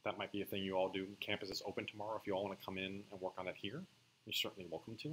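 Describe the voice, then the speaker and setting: A man teaching a coding class in a relaxed lecture, often checking with his students that they follow. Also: low-pitched, racing, a little hiss or hum, rough recording. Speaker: coding instructor.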